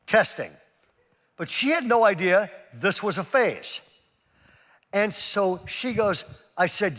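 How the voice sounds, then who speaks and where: A middle-aged pastor preaching to a seminar audience, telling stories with lively jokey asides. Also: male voice, high-pitched, normal speed. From California. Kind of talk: sermon at a parenting seminar. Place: large church auditorium. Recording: long reverb of a large church hall.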